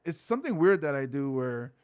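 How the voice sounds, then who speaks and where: A man's voice: mid-range voice, brisk, clean tone. A man from Hawaii, a stand-up comic, telling stories in a casual interview and acting out quotes in voices. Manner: animated, acts out quotes in voices.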